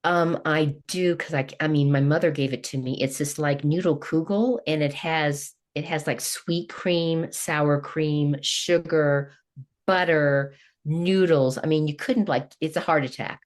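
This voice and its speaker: A woman's voice: sits low, steady tone, unhurried. A woman in her sixties from Kentucky, a coach chatting as a podcast guest in a rambling, laughing way. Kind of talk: casual interview chat.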